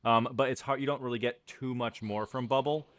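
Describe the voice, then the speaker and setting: A man's voice: medium pitch, steady tone, a little fast, fairly bright tone, no room sound. A man narrating as game master of a tabletop game, talking loosely with lots of fillers.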